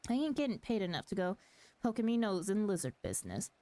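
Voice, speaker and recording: A woman voicing a rough, scheming male pirate sailor with a put-on pirate accent, reading game dialogue aloud in a slangy drawl. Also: medium pitch, big pitch swings, fast, warm tone, no echo, close to an everyday voice, rough recording. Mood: gruff, conspiratorial.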